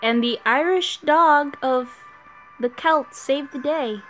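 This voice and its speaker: Gaming host: a fairly high-voiced woman, unhurried and rambling over gameplay, soft music behind. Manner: rambling, restarts sentences often. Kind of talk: casual gameplay commentary.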